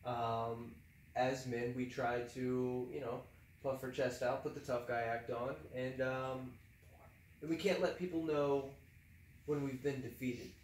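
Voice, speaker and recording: A man co-hosts a relaxed discussion show, weighing his words with fillers and restarts. He sits at a distance from the microphone in a room with a noticeable echo. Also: medium pitch, unhurried, slight background noise. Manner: conversational, hesitant with fillers, laughs often. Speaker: co-host. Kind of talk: casual podcast discussion. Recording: echoey room, distant mic.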